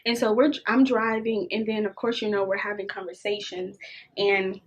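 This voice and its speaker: A young adult woman vlogger telling a casual storytime, animated and swearing freely as she acts out the dialogue. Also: mid-range voice, normal speed.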